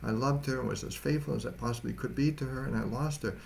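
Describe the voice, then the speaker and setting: A man voicing a heartbroken young husband whose wife left him, speaking in a slow, wounded way. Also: medium pitch, a little hiss or hum, voice pushed up, natural voice.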